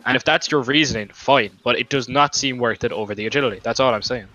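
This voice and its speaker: Fast-talking and sharp in tone, a young gamer argues in voice chat, cursing and rambling as he justifies his reasoning. His voice is medium-pitched with fairly even intonation, picked up by a lo-fi mic with faint music behind.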